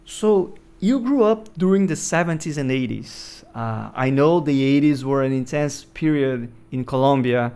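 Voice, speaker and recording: A man's voice: mid-range voice, expressive, unhurried, few pauses, darkish tone, clean tone. A man hosting an interview who asks friendly questions with frequent fillers. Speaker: podcast interviewer.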